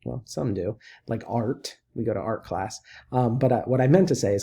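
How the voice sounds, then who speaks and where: A man teaching a recorded lesson for children, who talks patiently and encouragingly and repeats each word slowly. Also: mid-range voice, creaky, mellow, slightly rough.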